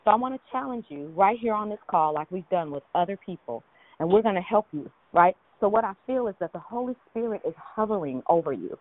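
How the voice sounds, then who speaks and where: Leading a spirited prayer ministry call, this woman speaks in an animated, mid-range voice, a little fast and breathless, with emphatic encouragement. There's no room sound, just a tinny phone line.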